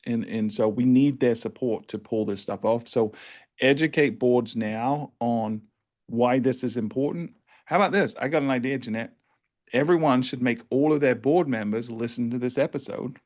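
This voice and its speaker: A man's voice: mid-range voice, normal speed. Chatty male podcast host. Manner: relaxed, chatty, with repeated restarts. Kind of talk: casual podcast conversation.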